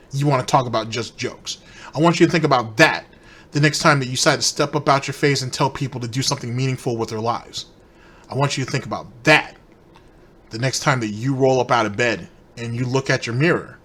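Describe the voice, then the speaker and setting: A man's voice: mid-range voice, a bit bright. A man hosting a commentary show, delivering a heated, repetitive, accusatory rant aimed straight at one person. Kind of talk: ranting commentary.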